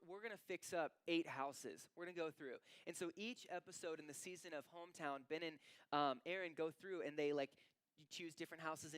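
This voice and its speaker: A male pastor preaching a sermon in an animated, conversational way, with casual asides to the congregation. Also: fairly high pitch, clear, resonant tone, no echo. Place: church sanctuary.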